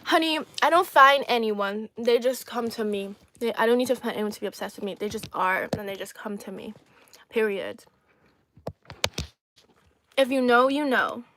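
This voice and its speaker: A young woman from China chats on a live stream while she eats, sassy, teasing and quick to laugh. Her voice sits fairly high, recorded on a phone with a faint hiss behind it. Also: a bit bright. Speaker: livestream host. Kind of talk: casual live-stream chat while eating.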